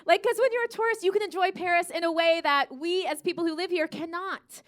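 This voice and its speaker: A woman's voice: very high-pitched, fairly quick. An American woman doing live stand-up on stage, with a brash, profane, valley-girl delivery into a handheld mic. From United States. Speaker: stand-up comedian. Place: comedy stage before a live audience.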